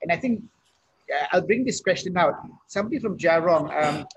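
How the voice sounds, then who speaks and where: A man's voice: fairly high pitch, animated, a little fast, slightly rough. A man hosting a casual live online talk, chatting with his guest and reading out viewer comments. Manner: conversational, reads out viewer comments. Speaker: talk show host.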